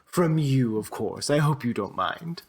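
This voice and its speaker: A man's voice: medium pitch, expressive, measured pace, husky, pitched above the performer's own voice. A man putting on a fussy, vague trader.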